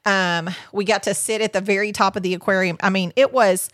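A woman's voice: mid-range voice, steady tone, a little fast, a bit bright, no echo, studio quality. A woman hosting a podcast, talking casually and rambling with lots of fillers and restarts. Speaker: podcast host. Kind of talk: casual chat about a vacation.

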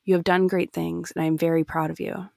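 A calm, reassuring older Jedi mentor, as a woman reads him aloud from a novel. The voice sits low with some gravel. It sounds close and dry. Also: brisk, dry recording. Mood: gentle. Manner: gentle, reassuring.

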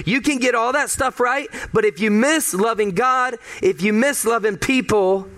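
A man's voice: very high voice, a bit bright. A male pastor giving a conversational sermon, emphatic and fond of repeating key phrases.

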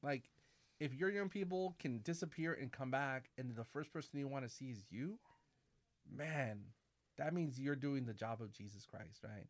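This forties-aged Catholic priest talks at a normal speed with a medium pitch. His easygoing conversation is full of animated anecdotes, voiced-out quotes, and people addressed as "man" or "baby."

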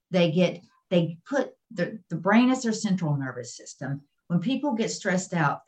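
A woman's voice: fairly low pitch, low-quality recording. Explanatory woman guest expert. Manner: explanatory, repeats key points. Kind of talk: interview explanation.

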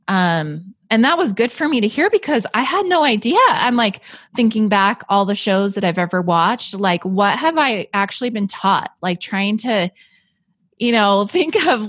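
A woman's voice: mid-range voice, a bit bright, no room sound. Chatty woman host, dry close sound. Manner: enthusiastic, chatty, many fillers like "like" and "right". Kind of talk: casual conversation.

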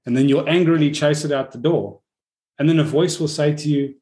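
A man in casual conversation, reflective and animated as he tells stories, with the odd swear word. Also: fairly high pitch, brisk.

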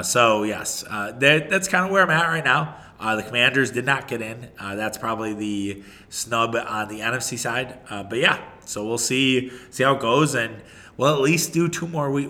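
A man's voice: medium pitch, normal speed, sharp tone. A man hosting a casual solo sports podcast, rambling and opinionated, often restarting his sentences and swearing.

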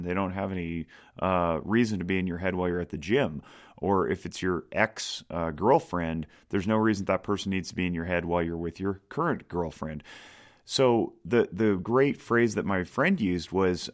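Deep male podcast host and counselor, loose and self-mocking, many fillers. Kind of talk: casual monologue.

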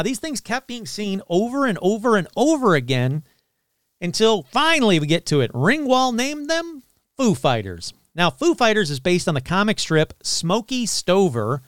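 A man hosting a casual storytelling podcast, talking in an animated, irreverent way with frequent fillers and blunt asides. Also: high-pitched, smooth, dry recording, studio quality. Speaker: podcast host.

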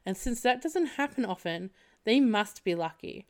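A woman voicing her drunk young female friend, who answers in a flat, matter-of-fact way. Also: on the high side, normal speed, lightly acted. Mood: blunt.

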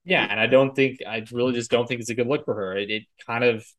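A man's voice: medium pitch, fairly even intonation, fast talker, a bit bright. Guy on a podcast rambling about a movie, lots of likes and you knows, swears here and there. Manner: rambling, filler-heavy, frequent "like" and "you know"; swears casually. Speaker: podcast co-host. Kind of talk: casual podcast chat about film and TV.

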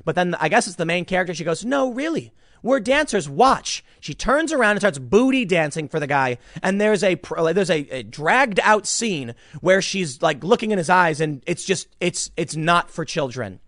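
Animated ranting male commentator. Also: a little high, normal speed, few pauses, no echo, clean studio sound. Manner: animated, emphatic, ranting with repeated restarts. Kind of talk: casual online commentary.

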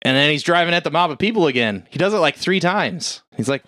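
Young guy, casual recap, profane and animated, squeaks up high for quotes, dry close sound. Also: quick pace, no echo. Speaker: podcast co-host retelling a film. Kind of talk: casual chat.

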